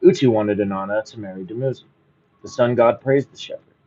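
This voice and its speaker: A man's voice: lowish voice, warm tone, dull audio, soft background music. A man reading a bedtime story aloud, breaking off now and then to muse casually on it. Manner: reads slowly, breaks off into musing casual commentary.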